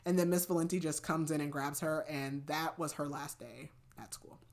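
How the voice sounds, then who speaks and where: A woman's voice: deep voice, fairly even intonation, moderate pace. A woman hosting a podcast, retelling a book in a casual chat full of fillers and restarts. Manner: chatty, many fillers and restarts. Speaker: podcast host.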